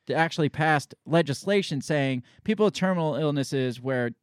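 A man's voice: a little high, normal speed, smooth, dry recording, clean studio sound. A man co-hosting a casual talk show, reading an article aloud and breaking in with incredulous, sarcastic comments. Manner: incredulous, sarcastic asides between quoted passages. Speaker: podcast co-host.

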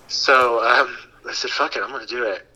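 A man in his thirties, a podcast guest, telling a long story in a casual, animated way and acting out the voices he quotes. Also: medium pitch, normal speed, poor audio. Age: 30s.

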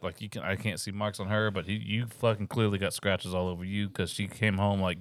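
Low-voiced man swapping police stories. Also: a little fast, hardly any pauses. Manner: profane, animated storyteller. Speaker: podcast co-host; police officer. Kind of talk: casual storytelling over drinks.

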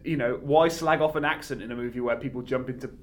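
Animated man discussing a film. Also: medium pitch, fast. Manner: animated, argumentative, frequent restarts. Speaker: podcast co-host.

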